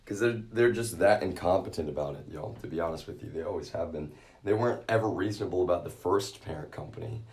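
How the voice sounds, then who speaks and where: A man's voice: low voice, quick pace, a little mellow, distant mic, slight background noise. A man ranting on a live stream, agitated and profane, speaking straight to his viewers. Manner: agitated, profane, keeps addressing viewers as y'all.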